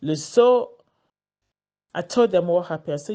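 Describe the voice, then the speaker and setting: A woman's voice: medium pitch, very animated, slow pace, pauses often, dark tone. Earnest woman telling a story. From Ghana. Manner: earnest, repeats words while searching for them. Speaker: vlogger sharing a personal story. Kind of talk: casual storytelling monologue.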